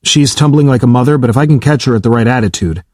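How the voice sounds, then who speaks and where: A man's voice: medium pitch, fast talker, a little mellow, no echo, studio quality, close to an everyday voice. A man voicing a blunt male naval test pilot in an audiobook, curt and clipped, swearing when pressed. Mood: clipped calm. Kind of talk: audiobook character reading.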